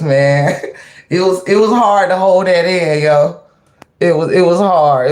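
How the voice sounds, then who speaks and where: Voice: mid-range voice, a little mellow. Laughing livestream host in an echoey room. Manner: laughs often, preachy and motivational; addresses chat members by name. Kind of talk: casual livestream chat with viewers. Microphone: webcam or phone mic.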